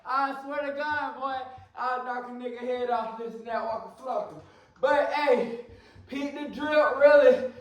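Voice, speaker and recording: A man riffs loudly over the footage, hyped and full of slang. His voice sits very high. The room around him rings with heavy echo. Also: measured pace, distant mic, dull audio. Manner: loud, slangy, hyped, talks over the video. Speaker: reaction video host. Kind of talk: casual reaction commentary. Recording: very echoey room.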